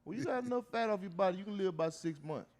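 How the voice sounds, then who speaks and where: Male co-host, fast talker, higher voice, quick comebacks. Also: animated, a little mellow. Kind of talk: comedic podcast banter.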